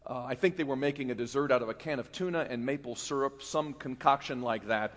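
A middle-aged pastor from North Carolina preaching a sermon, folksy and self-mocking, building to fervent emphasis. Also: male voice, mid-range voice, brisk, big-room sound. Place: church sanctuary.

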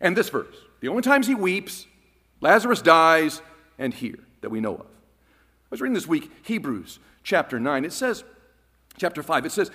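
Pastor, man, sermon delivery; emphatic, drops to a hush, pitch swings widely. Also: big pitch swings, moderate pace, husky, in a large hall. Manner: emphatic, swinging from loud declarations to hushed phrases.

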